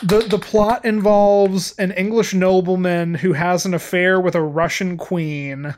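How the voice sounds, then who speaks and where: A man's voice: high-pitched, steady tone, a little slow, darkish tone, a little hiss or hum. A man co-hosting a film podcast in casual chat, emphatic and opinionated, often restarting his sentences. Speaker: podcast co-host.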